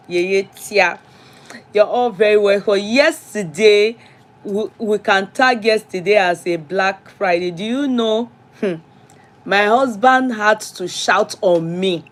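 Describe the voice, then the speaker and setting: A middle-aged woman with a Nigerian accent, hosting a casual live chat, greeting commenters by name and slipping into pidgin. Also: mid-range voice. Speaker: livestream host.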